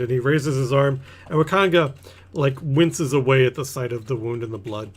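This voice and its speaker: A man narrating as game master of a tabletop game, pausing with fillers while he describes. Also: medium pitch.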